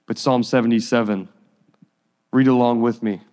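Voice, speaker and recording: A man preaching a sermon as pastor, earnest and pleading, reading scripture slowly. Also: medium pitch, steady tone, darkish tone. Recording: long reverb of a hall.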